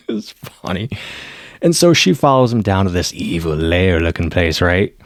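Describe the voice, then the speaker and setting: Male reviewer, low fry-heavy voice, excitable chatty recap, dry room. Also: moderate pace, dry recording. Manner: excitable, laughs often, acts out quotes. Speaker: TV episode reviewer. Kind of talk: casual recap.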